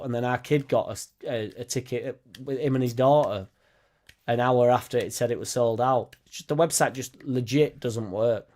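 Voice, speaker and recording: A man's voice: mid-range voice, a little mellow. Sweary man ranting. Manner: blunt, sweary, rambling. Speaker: football fan channel host. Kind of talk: casual live-stream chat.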